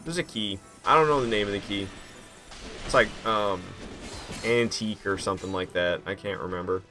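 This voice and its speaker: Excitable man talking over gameplay. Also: lowish voice, moderate pace, faint music behind. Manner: excitable, self-mocking, slangy. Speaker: gaming commentator. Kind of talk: casual gameplay commentary.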